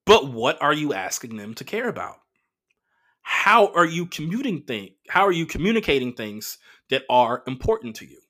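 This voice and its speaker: A man hosting a comedy podcast alone, telling profane relationship stories with animated acted-out quotes. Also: fairly high pitch, normal speed. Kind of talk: casual solo monologue.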